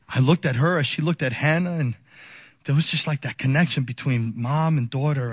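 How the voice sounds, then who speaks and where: A man in his forties, a pastor telling a personal story in a sermon, animated and laughing often as he acts out the people in it. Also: mid-range voice, moderate pace, no room sound, clean studio sound.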